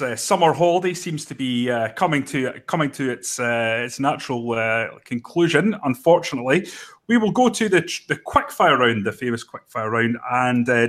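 A man hosting a football podcast, moving the show along in a brisk, upbeat way between segments. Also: mid-range voice, a bit bright. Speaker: podcast host.

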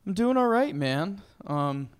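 A young man co-hosting a podcast in casual sports chat, relaxed and joking, often answering briefly. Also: sits high, a little slow, clean tone. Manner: relaxed, joking, short replies. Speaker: podcast co-host.

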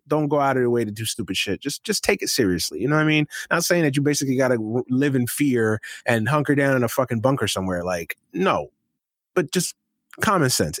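Young dude on a sports podcast, slangy and cussing, voice swings up and down a lot. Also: male voice, medium pitch, dry recording, clean studio sound. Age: young adult. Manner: animated, swearing, slangy. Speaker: podcast host. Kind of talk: casual sports chat.

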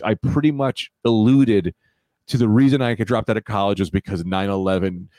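A man's voice: lowish voice, fairly even intonation, a little fast, a little mellow, no room sound. A man in his thirties hosting a podcast, telling a long story in a rambling, self-correcting way. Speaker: podcast host. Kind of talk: casual storytelling chat.

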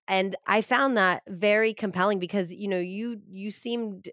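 A woman's voice: mid-range voice, unhurried, hardly any pauses, fairly bright tone, dry recording, clean studio sound. A woman co-hosting a podcast who engages the guest with reflective questions. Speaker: podcast co-host. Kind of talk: casual interview chat.

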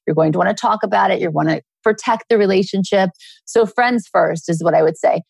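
Woman, middle-aged, gravelly voice, dry close sound, earnest storyteller. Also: mid-range voice, a little fast, a little mellow, no echo. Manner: earnest, storytelling with acted quotes. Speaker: guest author. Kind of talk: relaxed interview conversation.

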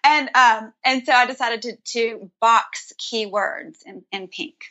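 A woman in her thirties, an interview guest, telling her story earnestly and warmly with soft restarts. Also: fairly high pitch, measured pace, muffled recording. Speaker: podcast guest, creator of a Bible study method. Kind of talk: casual conversational interview.

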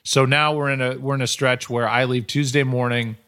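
A man in a loose podcast chat, rambling about his work in sports broadcasting and tripping over repeated words. His voice is mid-pitched and sounds close and dry. He keeps an easy, conversational flow. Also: little pitch movement, brisk, pushed and bright, clear, resonant tone, dry recording. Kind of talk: casual chat.

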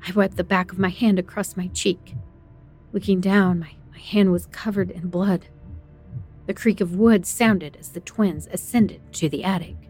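Breathy woman narrating horror. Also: fairly low pitch, steady tone, moderate pace, a little mellow, faint music behind. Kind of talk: first-person horror story narration.

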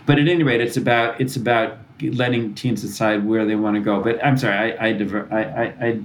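A man's voice: on the low side, fairly even intonation, brisk, slight background noise, rough recording. A man answering interview questions as a parenting author, earnest and explanatory, often restarting his sentences. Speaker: author and parenting expert guest.

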